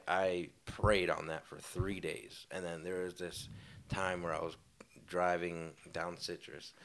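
A man's voice: sits low, fairly bright tone. A young man telling a faith testimony in a rambling, casual way, full of fillers and laughs.

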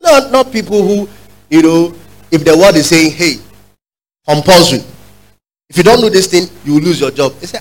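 A male preacher with a fairly high voice delivers a fervent sermon in a church service. He calls on the congregation to repeat his lines back to him and climbs to loud, emphatic peaks. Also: lively intonation, normal speed, long pauses, low-quality recording. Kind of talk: sermon with call-and-response.

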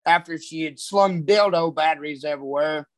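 A man's voice: fairly high pitch, normal speed, dry recording. A man telling profane, rambling stories about travel and his wife in casual chat. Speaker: comedian guest.

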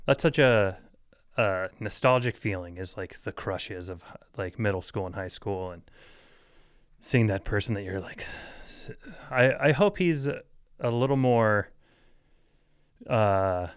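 A man's voice: on the low side, slow, pauses often, clear, resonant tone, dry recording, studio quality. A man in his thirties hosting a casual solo podcast, rambling loosely, chuckling often and swearing offhand. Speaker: podcast host.

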